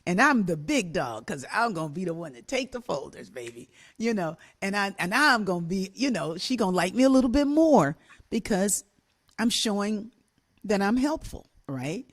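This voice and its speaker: An older woman telling a childhood story on a talk show, animated and laughing, acting out the voices of the people in it. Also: mid-range voice, moderate pace. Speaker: co-host and musician.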